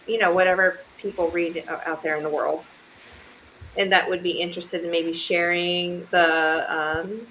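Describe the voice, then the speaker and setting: A woman's voice: on the low side, a bit bright, slight background noise, low-quality recording. A middle-aged woman chatting casually as a guest on a live stream, talking in a friendly way with lots of hesitant fillers. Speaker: guest caller. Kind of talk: casual chat.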